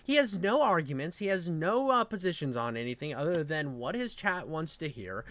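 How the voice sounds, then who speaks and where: A man's voice: on the high side, sing-song, moderate pace, fairly bright tone. A man hosting a reaction commentary, ranting with heavy profanity and sarcastic mimicry. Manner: profane, mocking rant. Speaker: commentary channel host.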